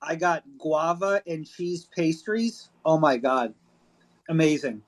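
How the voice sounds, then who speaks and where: A man's voice: fairly high pitch, lively intonation, takes it slowly. Irreverent man hosting a chat. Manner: irreverent, jokey, swears freely. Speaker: discussion host reading a thread aloud. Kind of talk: casual online audio chat. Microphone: phone app audio room.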